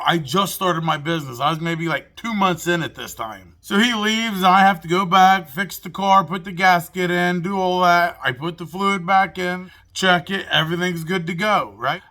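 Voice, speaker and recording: A mobile mechanic telling his own story to camera in an animated, profane, self-mocking way. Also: sits high, normal speed, hardly any pauses.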